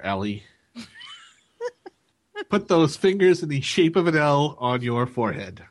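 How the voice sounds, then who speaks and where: A man's voice: fairly high pitch, huge pitch swings, takes it slowly, long pauses. A man co-hosting a gaming podcast, teasing his co-host in casual banter with chuckles.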